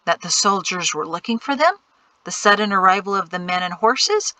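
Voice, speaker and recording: A woman reading an audiobook as the narrator, in a steady, even storytelling manner. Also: medium pitch, normal speed, no echo, rough recording. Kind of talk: scripted narration.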